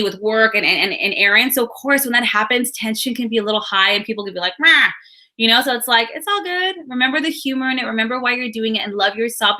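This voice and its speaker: A woman's voice: on the high side, pushed and bright. A woman giving a casual, upbeat weekly horoscope and card reading, chatting straight to her viewers. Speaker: astrology and card reader.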